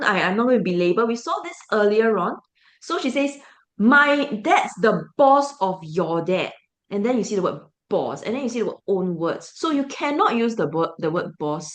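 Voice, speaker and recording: A woman with a Singaporean English accent teaching an English class online, explaining with rhetorical questions to the students. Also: medium pitch.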